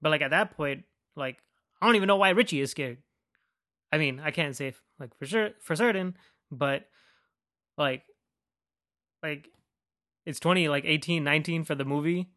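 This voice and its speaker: A man's voice: fairly high pitch, normal speed, long pauses, pushed and bright, dry recording, clean studio sound. A man hosting a podcast in a casual, rambling rant, swearing freely and filling his speech with "like.". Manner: rambling, profane, heavy use of "like". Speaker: podcast host.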